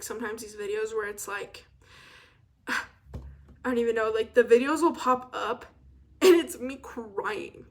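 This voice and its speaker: A young woman in her twenties chats through a casual solo podcast rant. Her voice sits a little high, and she rambles in a self-deprecating way, laughing often and trailing off mid-thought. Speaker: podcast host.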